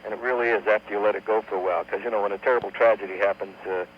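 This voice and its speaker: A man's voice: fairly low pitch, steady tone. Man telling a long joke on radio. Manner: unhurried joke-telling with sung bits. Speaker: comedian guest. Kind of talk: radio talk show storytelling. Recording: dull lo-fi AM radio archive with faint hum.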